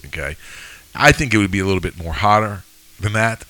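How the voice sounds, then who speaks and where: A man's voice: lowish voice, sing-song, normal speed, pushed and bright, no room sound. A man co-hosting a Bible study, talking emphatically and checking in with "okay?". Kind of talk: casual teaching discussion.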